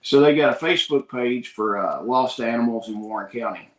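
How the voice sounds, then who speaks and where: A man's voice: mid-range voice, a little fast, fairly bright tone, reverberant. A man with a Kentucky accent, hosting a show and telling a rambling, folksy story in casual talk, acting out the other people's lines. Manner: folksy, rambling, acts out the voices in his story. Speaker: podcast host.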